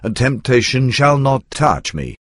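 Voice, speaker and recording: A man reading the lines of a devout, steadfast young woman in measured, unhurried storybook narration. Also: medium pitch, very animated, fairly bright tone, no echo, clean studio sound. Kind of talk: scripted reading aloud.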